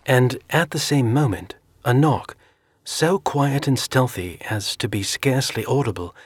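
A man narrating a suspenseful story in a measured, scripted delivery. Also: medium pitch, lively intonation, slightly rough, dry recording. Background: music.

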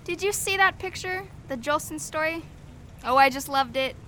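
A woman's voice: high voice, moderate pace, a bit bright, slight background noise. An actress playing a sweet, scatterbrained young woman in a 1940s radio comedy, naive and chirpy, taking everything literally.

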